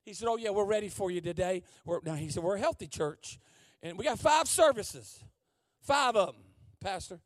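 A man preaching a sermon as guest preacher, telling a comic story and swinging from hushed asides to shouting. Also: high-pitched, expressive, moderate pace, no room sound, clean studio sound.

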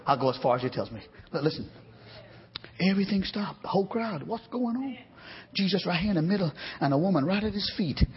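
A middle-aged man preaches a revival sermon in a church, his voice riding high. He swings from shouted calls to hushed storytelling and keeps pulling the congregation in. The recording sounds dull and lo-fi. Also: animated, brisk, slightly rough. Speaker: pastor. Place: church sanctuary.

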